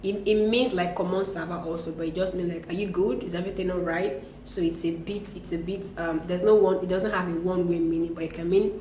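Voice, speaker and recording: A lower-pitched woman teaching French in a relaxed, patient way. She explains step by step and slips French phrases into her English. The room sounds echoey, with a faint hum of ambience behind her. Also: fast. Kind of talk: casual language lesson.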